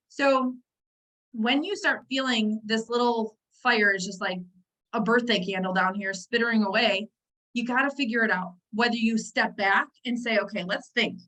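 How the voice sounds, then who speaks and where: A woman with a high-pitched voice runs a motivational training for her network marketing team over a video call, and the audio is poor. She's chatty and animated, frequently breaking off into asides to her listeners.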